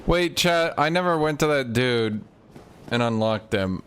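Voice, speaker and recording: A man's voice: mid-range voice, lively intonation, measured pace, fairly bright tone, a little hiss or hum. A young man streaming a game, casually joking and talking straight to his chat. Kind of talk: casual live-stream commentary.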